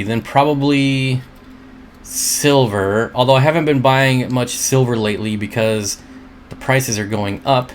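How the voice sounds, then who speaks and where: A man's voice: mid-range voice, slight background noise. A man hosting a casual livestream from home. He rambles, reads viewer comments aloud, answers them, and laughs at his own jokes. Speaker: livestream host.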